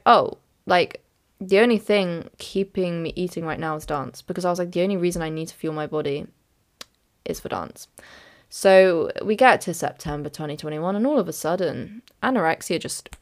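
A young woman hosting a podcast, talking through her own experiences in a candid, rambling way and laughing things off. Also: lowish voice. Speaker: podcast host. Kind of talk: candid personal monologue.

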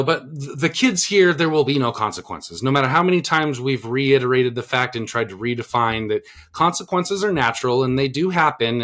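A man's voice: mid-range voice, a bit bright. A man co-hosting a podcast, talking earnestly about parenting in a rambling way, restarting his sentences and leaning on filler words. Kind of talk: casual podcast chat.

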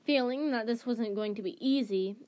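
A woman's voice: fairly high pitch, moderate pace, warm tone. A woman reading a novel aloud chapter by chapter, often stumbling and correcting herself mid-phrase. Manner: restarts and self-corrections. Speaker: storybook reader.

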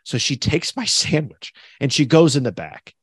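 Podcast co-host, male, animated storyteller who laughs a lot, dry close sound. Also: fairly high pitch, normal speed, slightly rough, dry recording. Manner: animated, laughs through his stories, acts out the people in them. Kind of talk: casual storytelling chat.

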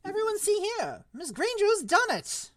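A tiny, fussy old wizard professor chirps his lessons in a high, squeaky voice that leaps all over the place, as a woman reading a storybook aloud puts him on. He sounds cheerful and precise, every instruction bright and fluttery. The recording is dry and close. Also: huge pitch swings, normal speed, dry recording. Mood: delighted.

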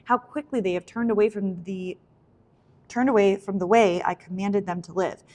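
A woman's voice: mid-range voice, steady tone, normal speed, darkish tone, lightly acted. A woman voicing a stern, angry God. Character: angry God speaking to a prophet.

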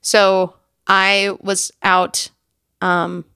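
A woman's voice: medium pitch, level tone, drawn-out words, gravelly, pushed and bright, smooth, dry recording. A woman, chatting on a podcast. She tells her stories animatedly and slips into the voices of the people she quotes. The recording is dry and close. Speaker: podcast co-host. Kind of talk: casual chat.

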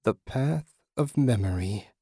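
A man voicing a calm disembodied female spirit who speaks quietly and slowly. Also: medium pitch, husky, dry recording, studio quality, full character voice.

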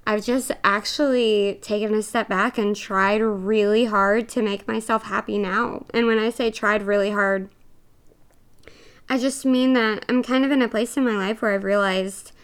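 Young woman podcaster rambling casually, smooth clear voice, bit breathless. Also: mid-range voice, fairly even intonation, measured pace. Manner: chatty and earnest, many fillers. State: a little out of breath. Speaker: podcast co-host.

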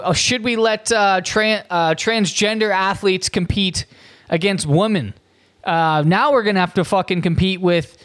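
A man's voice: sits high, fairly bright tone. A man hosting a comedy show, delivering a profane, incredulous rant with frequent stumbles and restarts. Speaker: podcast host.

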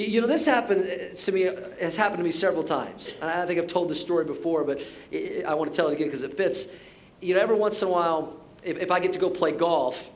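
A middle-aged man preaching a sermon as pastor, telling stories in a relaxed conversational way, often repeating words and adding asides. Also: fairly high pitch.

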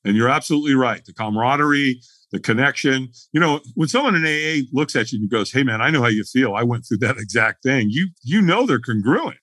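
A middle-aged man telling his story as a podcast guest, animated and acting out the dialogue as he goes. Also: mid-range voice, fast, hardly any pauses, no echo.

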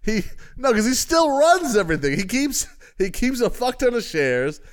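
A man's voice: very high-pitched, very animated, normal speed. A man co-hosting a podcast, joking in a laid-back, casual way. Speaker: podcast co-host. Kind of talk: casual banter.

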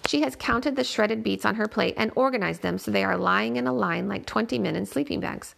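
Woman narrator, first-person audiobook; measured delivery, heavy gravel. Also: medium pitch, a bit bright. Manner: measured, plain storytelling.

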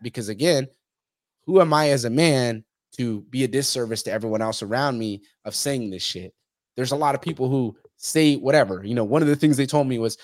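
A man's voice: medium pitch, brisk, dry recording, studio quality. Blunt, foul-mouthed man telling stories. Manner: blunt, heavy swearing; animated storytelling, acts out others' lines. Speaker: podcast guest. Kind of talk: casual interview talk.

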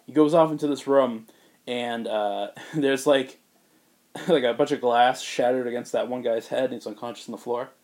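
A man on a podcast telling a story in casual chat, rambling with fillers and putting on quick voices for the characters. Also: mid-range voice, fairly even intonation, darkish tone. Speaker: podcast co-host pitching a movie.

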